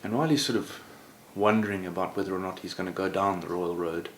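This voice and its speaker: A man tells a story in a relaxed, conversational manner, peppering it with "sort of." His voice is low. The recording has a roomy echo and faint background noise. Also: fast. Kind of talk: oral storytelling.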